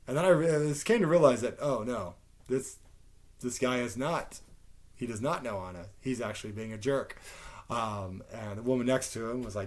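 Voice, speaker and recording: Casual podcast host, man in his thirties, mid-pitched voice, rambling and profane storyteller. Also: a little fast. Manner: rambling, swears often, animated retelling with quoted voices.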